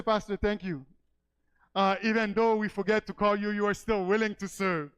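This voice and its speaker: Male pastor, sermon storytelling, high clean voice, swells into fervent preaching. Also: fairly quick, fairly bright tone, clear, resonant tone, low-quality recording. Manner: storytelling, rising to emphatic preaching cries.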